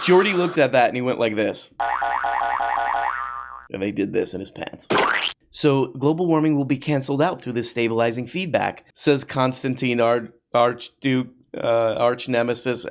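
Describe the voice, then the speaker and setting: A man with a mid-range voice and moderate pace hosts a comedy podcast, riffing mockingly on social media posts. He tosses in sarcastic asides and put-on voices.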